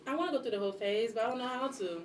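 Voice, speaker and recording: A woman in her twenties co-hosting a casual podcast chat, talking quickly and animatedly, laughing often. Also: a little high, expressive, over a noisy crowd. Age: 20s. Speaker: podcast co-host.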